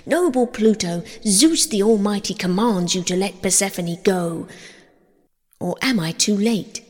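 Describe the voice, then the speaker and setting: A woman's voice: mid-range voice, a little slow, lightly acted. A woman voicing a stern male messenger god who speaks urgently and commandingly. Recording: long hall reverb.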